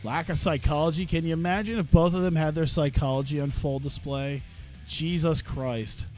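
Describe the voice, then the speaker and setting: A young man streams a wrestling management game, offering rambling, casual let's-play commentary full of swearing and laughter. His voice is a little high with a darkish tone.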